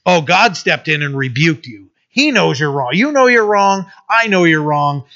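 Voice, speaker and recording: A man giving a conversational Bible teaching in an animated way, often asking "right?" and reading the verses slowly. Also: on the high side. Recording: dull lo-fi recording.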